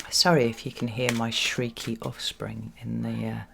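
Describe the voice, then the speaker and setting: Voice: medium pitch, level tone, takes it slowly, gravelly, fairly bright tone, a little hiss or hum. A tarot reader giving a solo reading to camera in a reflective way, often repeating words for emphasis and checking in with "right?". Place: home with children nearby.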